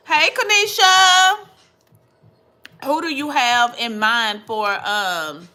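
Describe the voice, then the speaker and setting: A woman's voice: fairly high pitch, pushed and bright. A young adult woman, hosting a casual livestream and chatting animatedly with viewers, calling them girl and baby. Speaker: livestream host.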